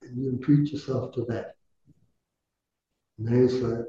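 A man, a meditation teacher, leading a guided visualization and softly intoning mantra syllables in a measured way. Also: mid-range voice, fairly even intonation, a little hiss or hum. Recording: echoey, dull lo-fi room recording.

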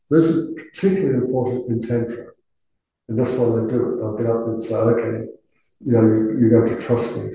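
A dharma teacher gives a chatty, informal talk to a class, rambling with fillers and tag questions. His voice is medium-pitched and dark, picked up by a distant mic in a roomy space.

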